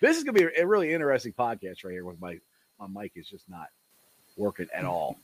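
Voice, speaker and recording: A man hosting a casual live-streamed sports podcast, laughing often and getting loud when excited. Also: on the low side, fast talker, poor audio. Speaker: podcast host. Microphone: home desk mic.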